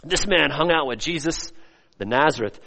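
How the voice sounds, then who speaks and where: A man preaches with energy, swinging into acted voices as he tells the story. His voice sits a bit high for a man. The sound rings with the long reverb of a church hall. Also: normal speed, creaky. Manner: animated preaching, acts out quoted voices. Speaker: pastor. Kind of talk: sermon.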